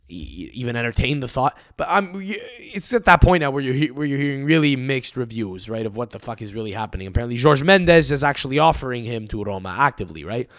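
A young man hosting a solo podcast, ranting in a profane, animated way into a close mic. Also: mid-range voice, no echo. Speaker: podcast host.

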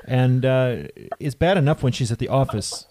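A man's voice: mid-range voice, normal speed, noisy background. A man co-hosting a podcast, easygoing and affirming. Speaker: podcast co-host. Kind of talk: casual podcast chat.

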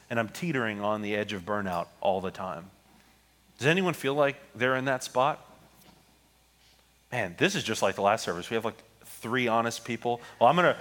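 A man preaching to his congregation in a relaxed, conversational way, at an ordinary middle pitch. He takes scripture slowly and pauses between lines. He talks to the room as if to friends. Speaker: pastor. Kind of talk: sermon. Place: church sanctuary with congregation.

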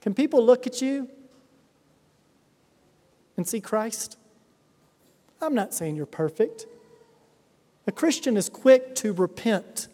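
High-voiced pastor preaching in an echoing hall. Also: male voice, animated, takes it slowly, pauses often, warm tone. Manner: earnest preaching with emphatic repetition. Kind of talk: sermon. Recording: reverberant hall sound.

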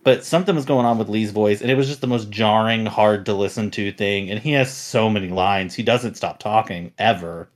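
A man's voice: lowish voice, fairly quick, few pauses. A man hosting a podcast, chatting casually and rambling with many fillers and restarts. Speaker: podcast host.

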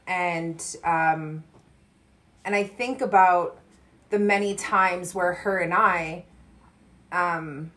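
A woman's voice: on the low side, a bit bright. A woman speaking thoughtfully and with some hesitation in a personal conversation. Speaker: conversation partner.

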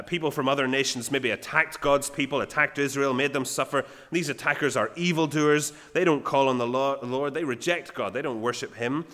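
A man giving a sermon in a plain conversational way, often pausing with fillers. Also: mid-range voice, a bit bright, in a large hall. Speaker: preacher.

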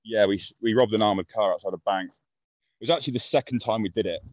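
A man's voice: on the low side, quick pace, a little mellow, no echo, highs cut off. A young man telling stories in casual chat, blunt and full of swearing, acting out what people said. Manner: blunt, swears a lot, acts out quotes. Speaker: guest. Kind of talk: casual storytelling.

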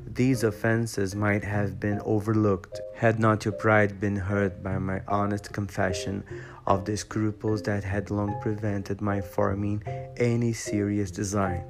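A man voicing a proud, contemptuous young gentleman in a storybook reading, measured and haughty. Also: lowish voice, level tone. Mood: bitter. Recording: guitar music behind voice.

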